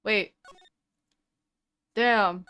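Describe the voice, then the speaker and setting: A woman's voice: medium pitch, fairly even intonation, very slow, sharp tone, faint music behind. A woman streaming a game, making jokey, offhand asides. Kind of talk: casual gameplay commentary.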